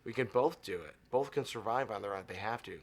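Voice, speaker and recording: A man's voice: on the low side, fast talker. A middle-aged man from Arizona, a guest in an interview, telling stories in casual chat and acting out the voices in them. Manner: animated storyteller acting out dialogue.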